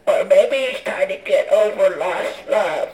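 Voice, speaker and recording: A man's voice: sits high, measured pace, darkish tone, roomy sound, faint music behind. A man co-hosting a podcast who drops in short, teasing remarks during casual banter. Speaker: podcast co-host.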